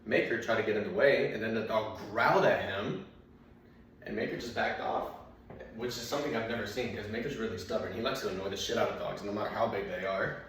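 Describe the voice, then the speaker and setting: A man's voice: on the low side, fairly quick, fairly bright tone. A man doing stand-up, telling rambling anecdotes full of fillers and restarts. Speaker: stand-up comedian. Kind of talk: stand-up storytelling. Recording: very echoey room, mic far off, faint noise.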